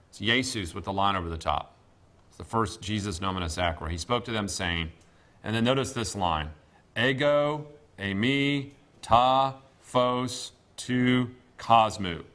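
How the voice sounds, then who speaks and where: Man, professor, low voice, halting classroom lecture, lots of fillers. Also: bright, forceful tone. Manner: deliberate, halting, many fillers. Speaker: seminary professor.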